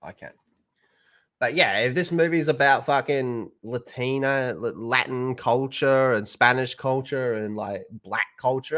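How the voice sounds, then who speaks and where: A man's voice: mid-range voice, measured pace, a bit bright. An Australian man hosting a live stream, talking in a crude, joking way and swearing often. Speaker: streamer host. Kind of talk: casual live-stream chat.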